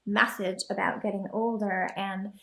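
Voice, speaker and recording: Bright, enthusiastic woman podcast host. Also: medium pitch, flat delivery, normal speed, gravelly. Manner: enthusiastic, affirming interviewer. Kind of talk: casual interview chat.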